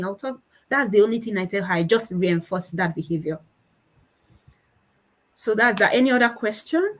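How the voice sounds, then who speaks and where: With long pauses at a normal speed, this medium-pitched Nigerian-accented woman in her thirties gives a conference talk about children's speech. Her anecdotes are animated, with impressions of her children's voices. Audio quality is poor.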